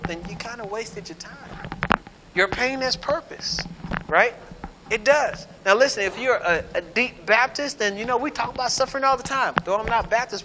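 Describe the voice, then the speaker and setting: Man, preacher, high voice, conversational sermon, sarcastic asides, long hall reverb, noisy recording. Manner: conversational preaching, keeps asking "right?".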